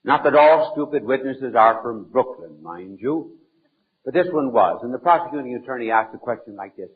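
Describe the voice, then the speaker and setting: An archbishop telling humorous anecdotes in a deliberate, playful storytelling manner. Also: male voice, medium pitch, expressive, breathy edge. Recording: narrow phone-like old archival recording.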